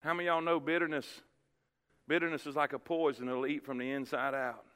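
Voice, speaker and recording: A man's voice: a little high, steady tone, fairly quick, fairly bright tone, clear, resonant tone. A man, preaching a sermon as pastor, telling a story emphatically and repeating his words. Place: church sanctuary. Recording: church hall reverb.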